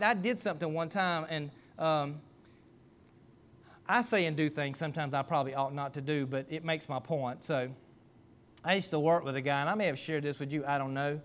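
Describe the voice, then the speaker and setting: A man's voice: on the high side, fairly bright tone, a little hiss or hum. A middle-aged man preaching a sermon, a pastor telling a personal story in a folksy, conversational, self-deprecating way.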